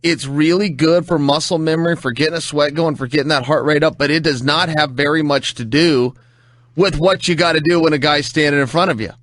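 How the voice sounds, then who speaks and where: A man's voice: on the high side, steady tone, a little fast, a bit bright, dry recording. A man co-hosting a podcast, talking in an earnest, explanatory way with rising emphasis. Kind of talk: casual podcast chat.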